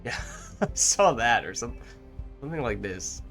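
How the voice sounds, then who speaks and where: A man's voice: medium pitch, big pitch swings, measured pace, gravelly, fairly bright tone. Male game streamer, casual co-op chat, wry dry humor, faint game music behind.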